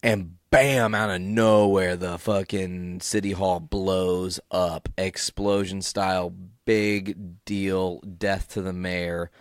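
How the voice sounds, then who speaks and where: A tired man hosts a solo podcast recap with a low voice. He talks in a casual, rambling way and swears freely. The sound is dry and close. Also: little pitch movement, takes it slowly, few pauses, no echo. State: yawning, tired. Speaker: podcast host.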